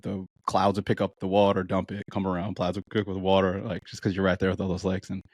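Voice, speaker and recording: A man from New York, a podcast guest chatting casually, animated, laughing often and acting out quoted voices. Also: low voice, quick pace, dry recording. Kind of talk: casual chat.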